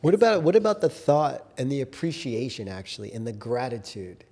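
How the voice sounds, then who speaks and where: A man's voice: medium pitch, very animated, fairly quick, a little mellow, slightly rough. A man co-hosting a casual conversation, explaining his ideas in an earnest, coaching way. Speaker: podcast co-host.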